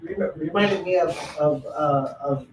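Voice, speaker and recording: Male interview host, chatty storyteller, slightly higher voice, echoey room with faint hiss. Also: measured pace. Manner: storytelling, acts out quoted lines. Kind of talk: casual interview chat. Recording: roomy echo, distant mic, faint noise.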